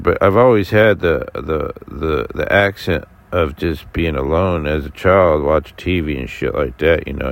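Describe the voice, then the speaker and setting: A man's voice: rumbling low, vocal fry. An American man ranting to camera in a rambling, profane way, full of fillers and restarts. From United States. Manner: halting with many fillers and restarts. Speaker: vlogger. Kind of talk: casual rant to camera.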